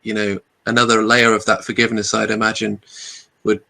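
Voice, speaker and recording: Low-ish gravelly guy hosting a podcast, thoughtful, kinda halting. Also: level tone, pushed and bright. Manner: thoughtful, halting, with many restarts. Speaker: podcast host. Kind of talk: reflective interview talk.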